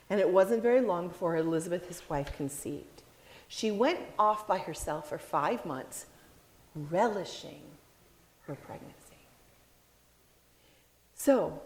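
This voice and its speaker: Give me a woman preaching a sermon with expressive storytelling. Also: fairly low pitch, in a large hall. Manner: expressive storytelling, acting out quoted lines.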